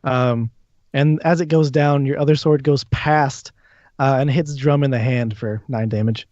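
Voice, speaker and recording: A man's voice: mid-range voice, steady tone, measured pace, darkish tone, dry recording. A man running a tabletop game as dungeon master, hesitant with many ums and restarts. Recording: dull lo-fi stream audio.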